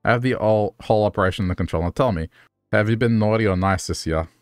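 A man's voice: on the low side, fast talker, dry recording, studio quality, close to an everyday voice. A synthetic male voice playing a jolly old Santa Claus in a game, with cheery, flowery speech.

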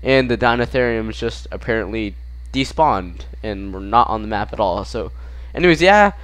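A young man casually commenting over his own gameplay, excitable and quick to yelp when startled. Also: fairly low pitch. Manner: excitable, yelps and shouts at jump scares. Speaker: gaming channel host.

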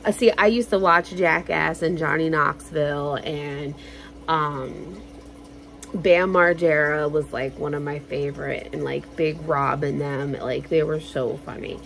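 A woman vlogger telling stories in a casual, animated way, swearing freely and acting out quotes loudly. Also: deep voice, unhurried, vocal fry, slight background noise. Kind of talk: casual storytelling.

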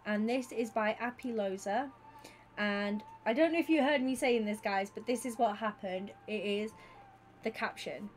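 A woman's voice: medium pitch, normal speed, a little hiss or hum. Chatty woman streamer. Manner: chatty and excitable, talks to chat by name. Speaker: Twitch streamer. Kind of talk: casual livestream chat with viewers.

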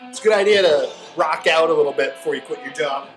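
A young man in a deadpan, casual comedic style, giving mock how-to advice as the host of a comedy video. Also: a little high, fast, faint music behind.

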